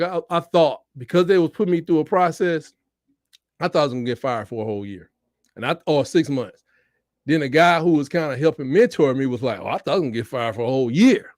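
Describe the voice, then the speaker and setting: A man giving live, excitable reaction commentary on a football game, swinging between shouts and mutters. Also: on the high side, no room sound, clean studio sound. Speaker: fan watch-along host.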